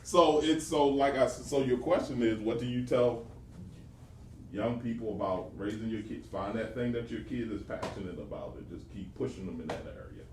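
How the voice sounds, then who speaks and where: An older man and father chatting casually with his grown sons, rambling and restarting his sentences. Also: mid-range voice. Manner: rambling, halting, many fillers and restarts. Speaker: father and teaching pastor. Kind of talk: casual family chat. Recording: roomy, distant mic with faint noise.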